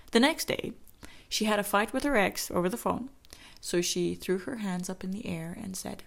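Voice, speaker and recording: A woman telling a personal story in an intimate way, slowing down and dropping into whispers for emphasis. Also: medium pitch, vocal fry. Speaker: storyteller and teacher. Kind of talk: storytelling narration.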